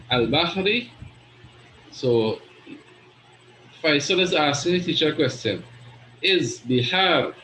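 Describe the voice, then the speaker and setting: A man's voice: fairly high pitch, a bit bright, reverberant, a little hiss or hum, low-quality recording. A man teaching an Arabic grammar class, patiently explaining and often checking understanding with "right?".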